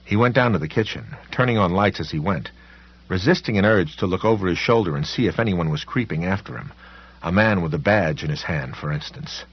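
A man narrating an audiobook in an expressive, dramatic reading. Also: low-pitched, a little fast, breathy edge, lo-fi sound.

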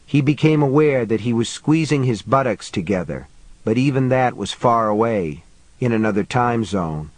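A man reads a novel aloud in a steady, measured voice at a middle pitch. The recording is close and completely dry, like a booth read. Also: no room sound, poor audio. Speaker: audiobook narrator. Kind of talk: scripted narration.

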